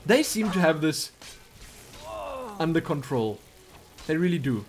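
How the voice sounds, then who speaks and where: A man giving excitable, chatty commentary over his game, often exclaiming and joking. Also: on the high side, measured pace. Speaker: let's play gamer. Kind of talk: live gameplay commentary.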